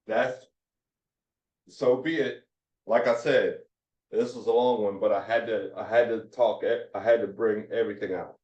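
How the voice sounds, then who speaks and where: A man teaching a Hebrew phonics lesson, slowly repeating and drilling each syllable. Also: medium pitch, darkish tone. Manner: slow, repetitive drilling of syllables. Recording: roomy, distant, dull lo-fi sound.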